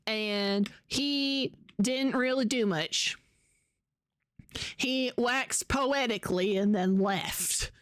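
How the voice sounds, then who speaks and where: A woman live-streaming a game from home, excitable and cheering loudly at her wins. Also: on the high side, dry recording, clean studio sound. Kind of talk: live-stream gaming chat. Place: at home alone.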